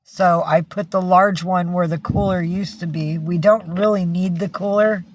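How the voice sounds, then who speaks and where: A woman's voice: fairly low pitch, steady tone, normal speed, a little hiss or hum. A woman chatting casually on a livestream, greeting and thanking viewers by name and cooing at her pets. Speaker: livestream host.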